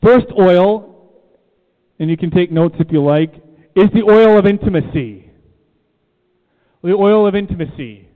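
A man's voice: high-pitched, expressive, unhurried, long pauses. A man preaching a sermon to a room, emphatic and repeating key phrases, asking the listeners questions. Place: church room. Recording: tinny phone-like sound, long reverb.

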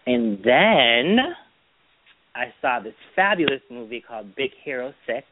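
A man's voice: medium pitch, lively intonation, measured pace. Chatty man on a tinny phone line. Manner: chatty storyteller, quotes people in put-on voices. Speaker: podcast co-host. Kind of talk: casual chat. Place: Boston. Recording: dry phone-line sound.

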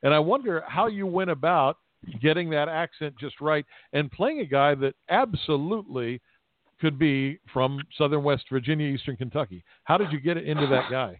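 A man's voice: on the high side, normal speed. A man hosting a podcast, asking questions in long, winding sentences. His voice comes through a tinny, phone-like line with a dry sound and no room echo. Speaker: podcast host. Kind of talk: podcast interview.

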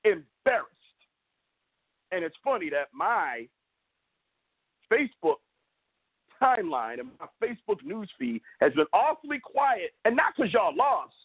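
A man's voice: sits high, big pitch swings, a little slow, pauses often, breathy edge, no echo. A man hosting a sports talk show, ranting and mocking rival fans in an opinionated way. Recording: tinny phone-like audio, dry.

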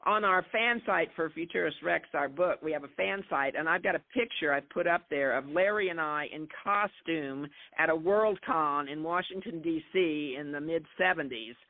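An older woman from New Mexico, a guest screenwriter, chatting eagerly and rushing into long anecdotes. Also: low voice. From New Mexico, USA. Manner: talkative, rushes into long anecdotes. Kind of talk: casual interview chat. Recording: phone-like narrow-band line.

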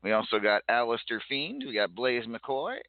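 A man's voice: mid-range voice, very animated, moderate pace, no room sound. A man hosting a casual online radio show, jokey and rambling, stumbling over his words now and then. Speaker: show host. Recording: dry, tinny phone-like line.

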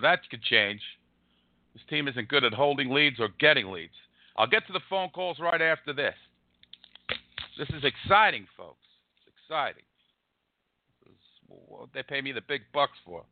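A man hosting a live card-pack break, rattling off names with excited, wisecracking commentary. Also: medium pitch, no room sound, narrow, tinny audio. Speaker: host opening card packs. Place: room across from an arena.

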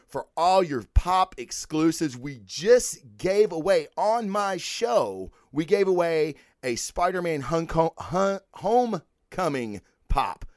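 A man's voice: fairly high pitch, sing-song, slow pace, hardly any pauses, no echo, clean studio sound. A man hosting a podcast, talking casually and profanely through sponsor plugs and giveaway news in emphatic bursts. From United States. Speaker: podcast host.

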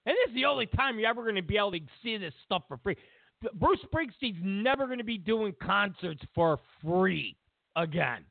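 A man's voice: high voice, sing-song, moderate pace, vocal fry, dry recording. A man hosting political commentary, ranting with sarcastic, mocking jabs. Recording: tinny phone-like line, dry.

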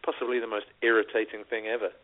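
An English man co-hosting a relaxed radio chat, his voice a little low and his humor dry and quick. The sound is thin and phone-like. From England. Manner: dry, joking, quick asides. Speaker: co-host. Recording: tinny phone-like line.

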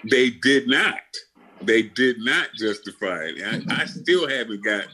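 A man's voice: medium pitch, expressive, a little slow, pushed and bright, breathy edge. An older man telling his story as a podcast guest, blunt and full of swearing, often restarting his sentences. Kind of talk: casual interview storytelling.

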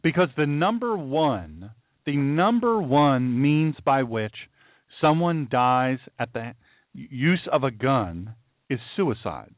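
Male talk radio host, animated pitch swings, hammering rhetorical questions; tinny, dry phone-like sound. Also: slow pace, no room sound. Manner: heated, repetitive, rhetorical questioning. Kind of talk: political commentary monologue.

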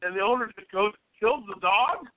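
A man's voice: sits high, lively intonation, normal speed, no room sound. A man hosting a casual chat, exclaiming and laughing often as he teases and sympathizes. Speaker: podcast host. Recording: dry, phone-like sound.

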